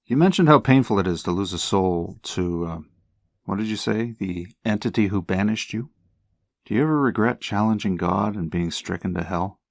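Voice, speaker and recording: A man's voice: on the low side, normal speed, gravelly, no room sound, clean studio sound. An actor reading a wealthy man who plays poker with the devil, wry and a bit nervous. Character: bored wealthy man gambling his soul, nervous but confident. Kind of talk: table read of a screenplay.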